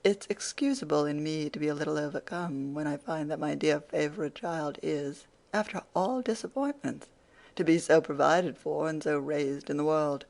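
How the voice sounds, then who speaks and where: Meek kindly father, mild soothing talk, gravelly, as a reader does him, audiobook. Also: medium pitch, moderate pace, darkish tone, natural voice. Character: gentle, meek little father, soft-hearted.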